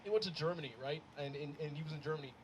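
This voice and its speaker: A man's voice: a little high, very fast. A young man born in Ethiopia with an American accent, doing a loose, profane, self-mocking stand-up set on an outdoor stage in the cold. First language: Amharic. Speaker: stand-up comedian. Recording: noisy outdoor live recording. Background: laughing crowd.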